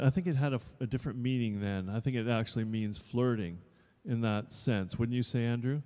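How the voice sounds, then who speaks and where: A man's voice: medium pitch, fairly quick, few pauses, warm tone. Chatty man in his fifties, echoing hall. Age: 50s. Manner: chatty and rambling, jokes with the audience. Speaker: actor. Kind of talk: casual talk to a live audience. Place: showroom. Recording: long reverb in a showroom.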